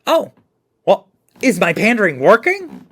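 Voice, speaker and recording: A man hosting a political commentary show, reacting to clips in a mocking, animated way. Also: high-pitched, a little slow, slightly rough. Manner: mocking, animated, laughs often.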